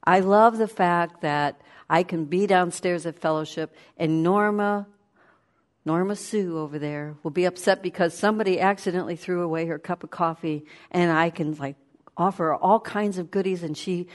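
Woman preaching in a chatty storytelling way, kinda low voice, gets animated. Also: moderate pace. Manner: animated, storytelling, laughs while speaking. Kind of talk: conversational sermon.

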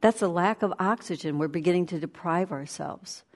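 A woman giving a conversational sermon, animated and storytelling. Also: on the low side, normal speed. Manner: animated, storytelling, laughs while speaking.

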